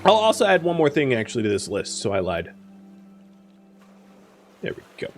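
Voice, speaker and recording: Brief: male game streamer, animated pitch, casual running commentary, faint music underneath. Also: normal speed. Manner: chatty, thinks aloud, answers chat.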